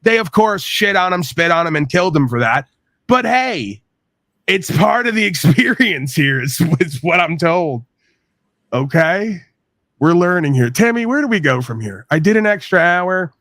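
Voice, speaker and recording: A man's voice: high-pitched, sing-song, normal speed, a bit bright, no room sound, studio quality. A man from New York hosting a podcast, talking in a crude, rambling, profane rant and venting. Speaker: podcast host. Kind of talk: profane ranting monologue.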